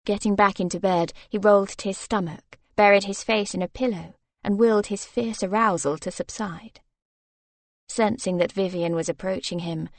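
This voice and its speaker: A woman's voice: mid-range voice, no room sound. Woman narrating a romance novel. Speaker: audiobook narrator.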